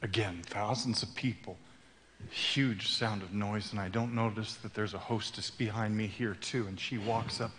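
Dramatic, bright-voiced male preacher. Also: fairly low pitch, normal speed, slight background noise. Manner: animated storytelling, dramatic swings to loud outbursts. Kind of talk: sermon. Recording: long hall reverb.

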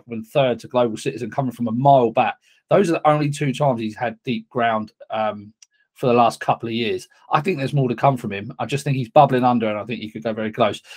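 Male tipster, casual, halting delivery with lots of restarts. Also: medium pitch. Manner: hesitant, many restarts and fillers. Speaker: racing tipster. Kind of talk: casual podcast chat.

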